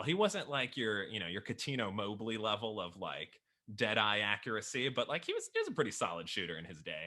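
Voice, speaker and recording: A man's voice: lowish voice, sharp tone. A man from Chicago chatting casually about his jersey collection, enthusiastic and self-deprecating, laughing often. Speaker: writer and podcaster, guest. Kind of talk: casual chat showing off jerseys.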